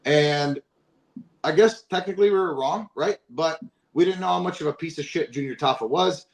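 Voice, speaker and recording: A man's voice: on the high side, normal speed, creaky. Emphatic, profane man co-hosting. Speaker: podcast co-host. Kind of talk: casual fight recap chat.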